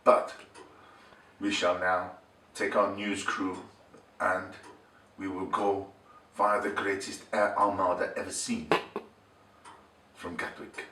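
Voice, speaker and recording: A man's voice: deep voice, little pitch movement, bright, forceful tone, echoey room, far from the mic, voice pushed down, full character voice, poor audio. A man putting on a pompous wartime newsreel announcer voice, solemn and grandiose. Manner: slow, solemn and grandiose delivery.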